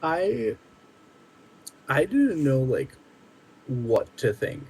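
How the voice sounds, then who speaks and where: A man co-hosting a podcast, chatting casually and telling stories excitedly. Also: mid-range voice, extremely slow, slightly rough, rough recording. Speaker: podcast co-host. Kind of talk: casual chat.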